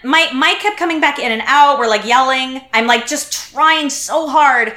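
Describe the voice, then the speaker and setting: A woman's voice: high voice, moderate pace. A woman guest on a podcast, telling a story in casual chat and acting out what people said. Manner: animated, acts out what people said. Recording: roomy echo.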